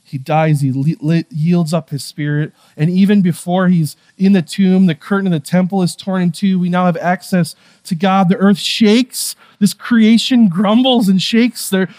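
A man preaching a sermon in a conversational way, moving between hushed, quiet passages and raised, emphatic ones. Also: high-pitched, steady tone, moderate pace, hardly any pauses. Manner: conversational, with fillers and asides. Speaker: pastor.

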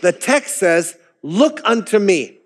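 A pastor reads aloud as a plain-spoken country lay preacher, earnest and insistent, hammering the same plea over and over. His voice sits high and strains upward. It rings out with a long reverberant hall tail. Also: very animated, slow pace, exaggerated voice. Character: homespun fervent male lay preacher, pleading.

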